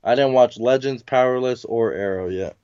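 A man's voice: medium pitch, normal speed, a little mellow, clear, resonant tone, no echo. A young man in casual chat, teasing his friend with profane banter. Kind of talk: casual chat about TV and comics. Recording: dry, dull lo-fi sound.

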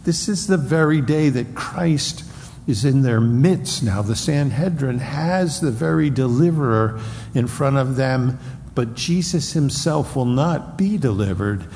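A male preacher delivers a sermon at an unhurried pace. He speaks earnestly and at times acts out loud taunts from a crowd. His voice carries through a reverberant hall with faint ambient noise behind it. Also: medium pitch, expressive.

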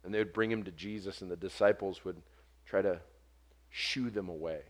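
A man preaching a sermon, earnest, building to forceful emphasis and dropping soft on quoted words. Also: sits low, moderate pace. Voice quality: short stature mentioned, not vocal.

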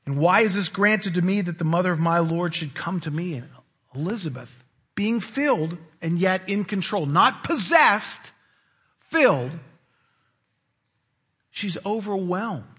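A man preaching a sermon, animated, swinging between loud emphasis and hushed asides. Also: high-pitched, measured pace, pauses often, breathy edge. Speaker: pastor.

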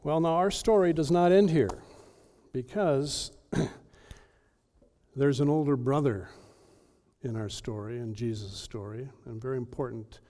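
Mellow-voiced male preacher. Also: medium pitch. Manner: earnest, emphatic, with dramatic pauses. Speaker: pastor. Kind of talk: sermon.

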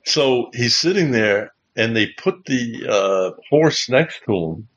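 A man hosting a livestream show, telling a funny story in an animated way and laughing as he goes. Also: medium pitch, slow, husky, dull audio. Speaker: Bible teaching show host. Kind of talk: casual storytelling.

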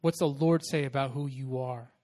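A man, a young adult pastor, preaching a sermon in a casual, animated storytelling way. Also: medium pitch, normal speed.

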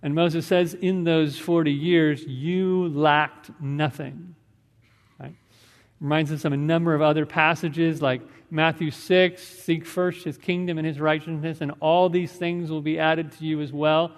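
Man, fairly high voice, pastor, earnest measured sermon, long church reverb. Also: level tone. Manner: earnest, measured preaching with scripture reading and prayer. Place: church sanctuary.

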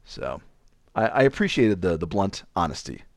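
Man, frank storyteller, rambling, acts out quotes, very expressive pitch. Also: normal speed, creaky, dry recording, clean studio sound. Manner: frank, rambling, animated retelling with quoted dialogue. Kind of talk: candid personal storytelling.

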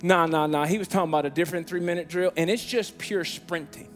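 A man preaching as a guest pastor, telling a funny story in a lively way and acting out the people in it. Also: quick pace, faint music behind. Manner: animated, acts out quoted voices with big pitch jumps. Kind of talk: storytelling sermon.

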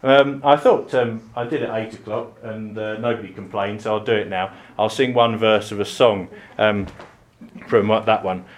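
Middle-aged English vicar, southern accent; relaxed, rambling sermon full of ums and restarts. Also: male voice, fairly low pitch, moderate pace. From England. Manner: chatty, self-deprecating, many ums and restarts. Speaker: priest. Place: church.

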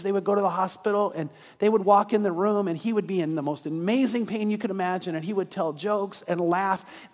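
High-voiced pastor preaching in a hall. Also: male voice. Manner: storytelling that builds to an earnest altar call. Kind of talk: sermon. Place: church sanctuary. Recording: reverberant church hall.

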